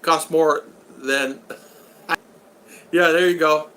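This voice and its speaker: A man's voice: fairly high pitch, fairly even intonation, very slow, pushed and bright, a little hiss or hum. A man hosting a casual livestream, reading out viewer comments and rambling through jokey stories with frequent laughter. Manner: rambling, jokey, laughs often, retells stories with quoted voices. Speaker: live stream host.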